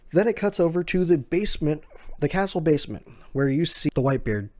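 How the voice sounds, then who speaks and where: A man's voice: on the high side, lively intonation, a little fast, a little mellow. Man casually recapping a manga chapter. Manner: chatty, chuckling, filler words.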